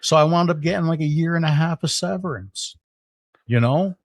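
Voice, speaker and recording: A middle-aged man, a podcast guest, telling a story in casual conversation, animated, with lots of fillers and restarts. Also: on the high side, normal speed, no echo.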